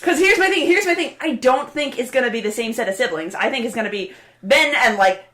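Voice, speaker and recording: A woman co-hosting a podcast in casual chat, animated and laughing, swearing freely. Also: high-pitched, brisk, roomy sound. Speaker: podcast co-host.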